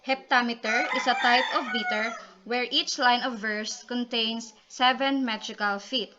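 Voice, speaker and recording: A woman's voice: fairly high pitch, fairly even intonation, measured pace. A woman presenting a class report, reading definitions with frequent ums and restarts. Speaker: student reporter. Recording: dull lo-fi recording with loud noise.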